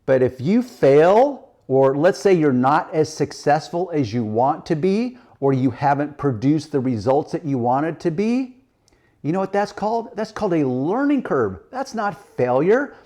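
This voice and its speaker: A man in his fifties, a detailing instructor giving a motivational tutorial, lively and acting out imagined reactions. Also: on the high side, measured pace. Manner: animated, quotes imagined reactions with "whoa".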